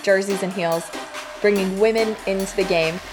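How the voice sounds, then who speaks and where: A woman's voice: medium pitch, steady tone, normal speed, over music. A woman host reading an upbeat scripted podcast intro.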